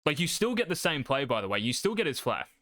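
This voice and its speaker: A man's voice: a little high, big pitch swings, fast, fairly bright tone, no room sound, clean studio sound. A young adult man, casually coaching gameplay, brash and cocky, swearing freely.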